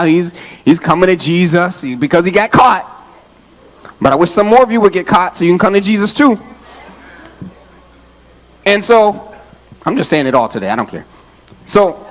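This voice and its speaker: A man's voice: sits high, a bit bright. Joking, breathless man preaching a sermon. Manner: casual, joking and talking straight to the congregation. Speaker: associate pastor. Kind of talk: lively Father's Day sermon. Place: church sanctuary.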